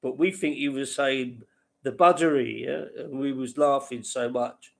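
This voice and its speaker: A man hosts a casual late-night livestream, rambling to viewers by name and laughing at his own stories. His mid-range voice is steady in tone and creaky, at a moderate pace.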